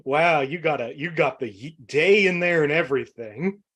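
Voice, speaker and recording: A man's voice: a little high, moderate pace, fairly bright tone. A man with a Boston accent hosting a comedic trivia game show over a video call, rambling, with many fillers and frequent laughs.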